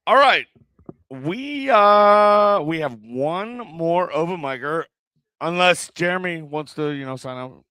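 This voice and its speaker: A man's voice: on the high side, expressive, takes it slowly, bright, forceful tone, clear, resonant tone, no room sound. A man hosting an open mic, chatting in a rambling, hesitant way between acts. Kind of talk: casual emcee banter.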